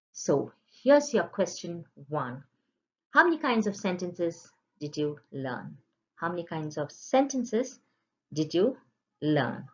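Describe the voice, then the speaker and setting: A woman teacher giving an online grammar lesson to children, in a patient, sing-song teaching voice. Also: fairly low pitch. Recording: dull lo-fi sound.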